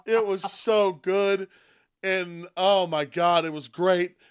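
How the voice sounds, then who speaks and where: A man co-hosting a podcast in casual chat, excitable and profane, with sudden loud outbursts. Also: high-pitched, takes it slowly, smooth. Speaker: podcast co-host.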